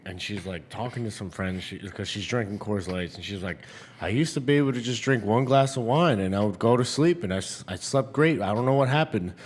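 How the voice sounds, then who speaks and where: A man's voice: on the low side, slight background noise. A young man, back from the military, telling crude stories between bursts of laughter in a casual podcast chat. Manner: storytelling, laughing often, crude and loose.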